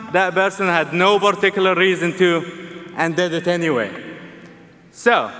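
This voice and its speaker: A little high and sharp in tone, a young man from Egypt speaks as the student commencement speaker, his Egyptian Arabic accent clear. The speech is humorous and heartfelt, echoing with the long reverb of a large arena.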